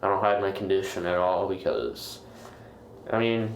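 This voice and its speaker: A man chatting as a podcast guest, talking in a rambling, halting way with frequent restarts. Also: deep voice, steady tone, reverberant, a little hiss or hum. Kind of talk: casual chat.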